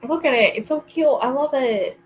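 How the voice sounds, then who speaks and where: A chatty woman with a slightly high voice, talking casually as she hosts a reading sprint. She rambles from thought to thought and breaks into giggles often. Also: moderate pace, soft background music, low-quality recording. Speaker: vlogger hosting reading sprints. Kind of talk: casual chat to a friend.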